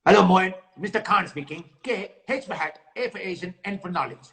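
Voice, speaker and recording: A man's voice: high voice, fairly quick, creaky, fairly bright tone, echoey room. A man voicing a pompous, self-important middle-aged community leader as a comic impression in a video chat. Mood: boastful.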